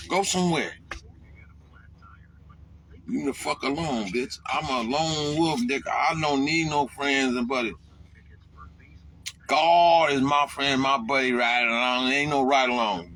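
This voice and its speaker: A man's voice: mid-range voice, measured pace, slight background noise. Profane ranting trucker man. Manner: profane, animated ranting with sudden yelled outbursts. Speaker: truck driver. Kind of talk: casual rant to camera.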